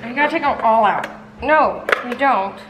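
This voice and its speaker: A woman's voice: fairly high pitch, expressive, normal speed. A young woman bantering with her mother and giving directions while building something at home. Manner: bossy, bantering. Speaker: daughter. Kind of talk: casual family chat. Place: home, indoors. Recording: echoey room, music behind.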